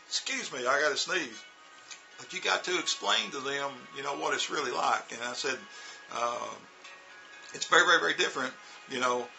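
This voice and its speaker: A man's voice: medium pitch, creaky, pushed and bright, low-quality recording. A man casually telling stories about teaching, rambling with many fillers and restarts. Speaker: vlogger recounting teaching in China. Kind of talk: casual storytelling.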